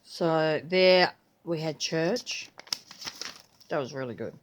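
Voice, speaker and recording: Older woman chatting slowly. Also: low-pitched, slight background noise. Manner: chatty, rambling, breaks into playful quoted voices. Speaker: vlogger. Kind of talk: casual chat.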